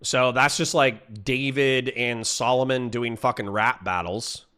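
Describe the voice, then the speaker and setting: A man's voice: mid-range voice, fairly even intonation, sharp tone, clear, resonant tone. A young man from Florida streaming a heated, profane rant at his chat, cutting himself off and apologizing, then charging back in. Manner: profane, combative, addresses chat directly; quick self-interruptions and apologies.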